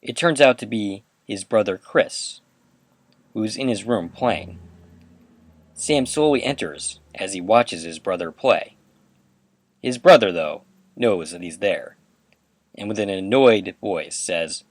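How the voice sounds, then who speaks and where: A man's voice: on the low side, takes it slowly, pauses often, no echo. Man animatedly recapping a TV episode. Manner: casual, animated retelling with quoted dialogue. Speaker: podcast host.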